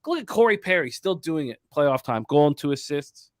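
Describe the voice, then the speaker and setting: A man hosting a sports betting talk show, rattling off hockey stats in a brisk, emphatic way. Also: a little high, big pitch swings, dry recording, clean studio sound.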